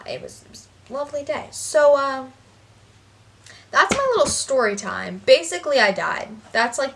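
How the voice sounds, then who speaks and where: A woman's voice: mid-range voice, a bit bright, distant mic. Rambling sarcastic young woman vlogger, off-mic. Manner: rambling, sarcastic, heavy "like" and "basically". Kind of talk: storytime vlog.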